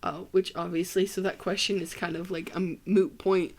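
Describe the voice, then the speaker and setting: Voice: mid-range voice, level tone, moderate pace. A young adult from Ohio with a Midwestern American accent, hosting a casual solo podcast in a rambling, joking, self-deprecating way. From Ohio, USA. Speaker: podcast host.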